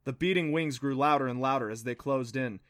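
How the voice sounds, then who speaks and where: A man reads a children's adventure story aloud with a steady, expressive delivery. His voice is bright and forward, at a middle pitch, recorded close and dry. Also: fairly quick, no echo. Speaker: audiobook narrator. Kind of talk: storybook narration.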